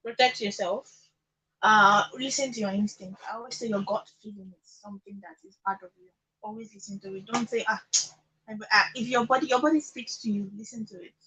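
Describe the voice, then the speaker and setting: A woman's voice: medium pitch, steady tone, a little fast, pushed and bright, rough recording. A Nigerian woman guest giving firm advice and repeating her warnings.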